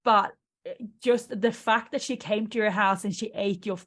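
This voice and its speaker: A woman's voice: medium pitch, fairly even intonation, normal speed, fairly bright tone. A woman hosting a podcast, chatting casually and reacting with short interjections and filler words. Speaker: podcast host.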